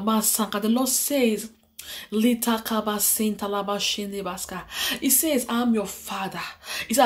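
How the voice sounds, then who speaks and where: A woman preaching a prophetic word with fervent, repetitive declarations. Her voice sits a little high for a woman. She slips into speaking in tongues between lines and punctuates them with hallelujahs. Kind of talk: prophetic sermon.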